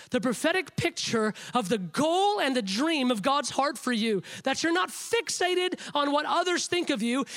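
A man delivering a sermon in a strikingly high voice. He is emphatic and stacks repeated phrases to build each point. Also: fairly bright tone. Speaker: preacher.

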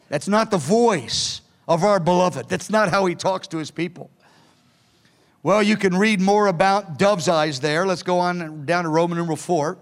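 High-pitched earnest male preacher. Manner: earnest, pleading, acts out quoted lines with rising pitch. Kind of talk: sermon teaching from notes.

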